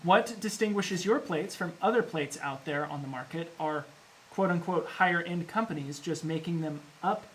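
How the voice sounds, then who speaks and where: A man's voice: a little high, moderate pace, fairly bright tone, slight background noise, rough recording. A man co-hosting a casual livestream, reading out viewer questions and cracking jokes. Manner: teasing, jokey. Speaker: co-host reading chat questions.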